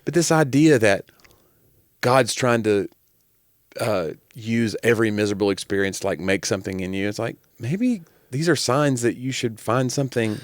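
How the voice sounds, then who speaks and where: A man's voice: medium pitch, moderate pace, no echo, clean studio sound. A man co-hosting a podcast, joking around and slipping into silly voices as he talks. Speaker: podcast co-host. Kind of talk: casual chat.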